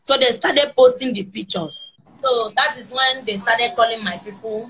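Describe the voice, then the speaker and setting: A Nigerian woman with children recounts her ordeal in halting, restarting sentences. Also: fairly high pitch, sharp tone, a little hiss or hum, rough recording. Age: adult with children. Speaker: kidnapping survivor interviewed.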